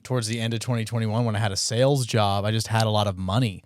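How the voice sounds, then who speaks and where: Low, smooth-voiced young man, thoughtful. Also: fairly even intonation, fast talker, no room sound, studio quality. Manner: thoughtful, hesitant, with many ums. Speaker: podcast guest, comedian. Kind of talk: casual chat.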